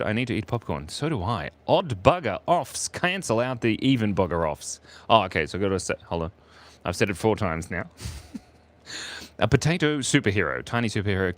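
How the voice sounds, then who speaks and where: A man's voice: fairly low pitch, a bit bright. An Australian man chatting playfully with viewers while drawing on a live stream.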